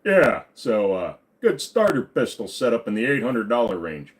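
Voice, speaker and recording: A man's voice: mid-range voice, sing-song, moderate pace. A man hosting a casual livestream, reading viewer questions aloud and answering offhand with lots of ums and uhs.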